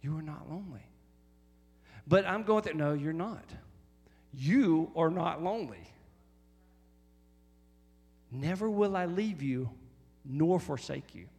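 A man with a slightly high, husky voice preaches a sermon to his congregation. He repeats key lines and swings up into loud, high-pitched exhortation. The hall carries a long reverb, with faint music underneath. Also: lively intonation, slow, pauses often. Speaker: pastor.

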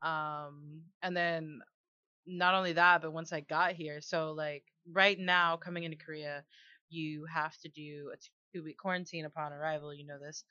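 A woman's voice: sits low, level tone, moderate pace, sharp tone, no echo. A young woman chatting casually as a guest, telling stories with lots of fillers and laughter. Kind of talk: casual chat. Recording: dull lo-fi dry sound.

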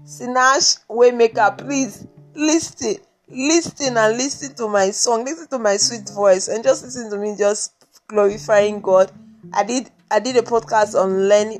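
A young woman with a Nigerian accent hosting her own podcast, talking in a rambling, chatty way full of "like", just after waking up. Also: mid-range voice. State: just woken up. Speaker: podcast host. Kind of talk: casual solo podcast monologue.

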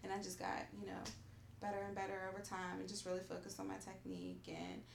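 A woman who runs a cake business, telling stories in a relaxed podcast chat and filling her talk with "like" and "you know". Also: mid-range voice, fast talker, creaky, reverberant, noisy background. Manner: animated storyteller, lots of "like". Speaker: guest baker.

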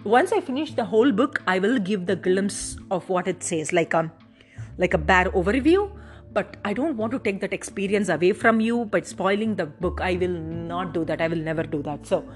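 A woman's voice: fairly low pitch, animated, moderate pace, faint music behind. A woman from India, likely in her thirties, hosting a casual personal podcast. She talks in a gushing, emotional way and keeps saying how amazed she is. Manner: gushing, emotional, repeats "oh my God". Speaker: podcast host.

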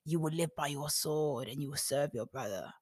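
A grave old father speaks a solemn blessing slowly and deliberately, as a woman reading aloud voices him. Her voice is low for a woman, and the recording is dry and close. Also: darkish tone, dry recording.

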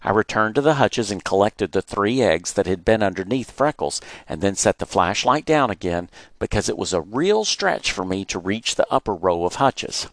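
A man reading his childhood memoir aloud, animated and acting out the moments he retells. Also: on the low side, normal speed, hardly any pauses, dry recording. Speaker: storyteller.

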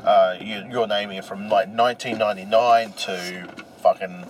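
A man's voice: on the low side, moderate pace. A young Australian man co-hosting a podcast, teasing and swearing in casual banter from the passenger seat. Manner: teasing, crude, animated. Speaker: podcast co-host. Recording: noisy car interior.

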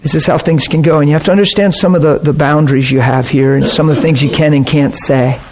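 A man's voice: on the high side, steady tone, fast talker, a little mellow, slight background noise. A man preaching with earnest intensity, retelling a personal story and acting out both sides of the conversation. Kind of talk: sermon storytelling.

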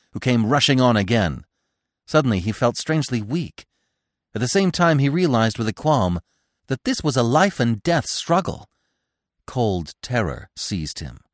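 A man, the podcast host, narrating a classic storybook in an expressive, dramatic way. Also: mid-range voice, no room sound, studio quality.

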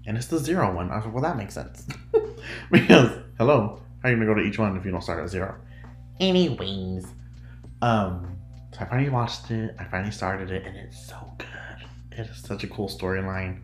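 A deep-voiced American podcast host speaks a little fast with lively intonation, rambling through a casual solo chat and often stopping to giggle or interrupt himself. There is reverb and faint music in the background.

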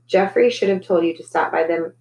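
A woman reading aloud plays a towering circus strongman who guards a tent, saying little and taking his time. Her own low voice carries him without much change. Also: vocal fry, darkish tone, distant mic, slight background noise, low-quality recording. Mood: terse. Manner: terse, unhurried. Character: huge, terse male circus strongman guard.

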